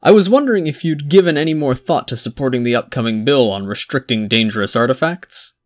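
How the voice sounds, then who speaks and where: A man's voice: mid-range voice, fairly quick, pitched above the performer's own voice, lightly acted. A man reading aloud and voicing a smug, insistent lord politician.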